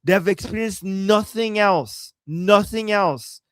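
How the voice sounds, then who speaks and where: A man hosting a live show, excitedly commenting on news video and repeating himself. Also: high voice, takes it slowly, no echo. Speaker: show host.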